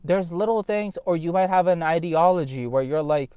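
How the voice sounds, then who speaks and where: A man's voice: a little high, moderate pace, few pauses, smooth, no echo, dull audio. A man in a casual vlog monologue, talking bluntly and rambling, swearing often and addressing viewers directly. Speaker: vlogger.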